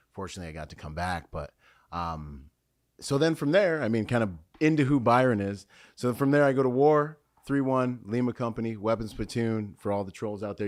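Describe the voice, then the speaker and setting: A man's voice: sits low, dry recording. A man talking as a podcast guest, telling his life story candidly with plenty of fillers and restarts. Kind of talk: conversational storytelling.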